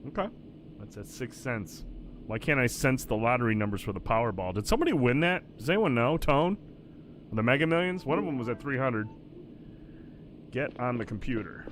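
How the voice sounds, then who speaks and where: A man's voice: medium pitch, expressive, brisk, a little hiss or hum. A man chatting casually and reading game lines aloud as he streams a video game, swearing now and then. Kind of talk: casual live-stream commentary. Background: game music.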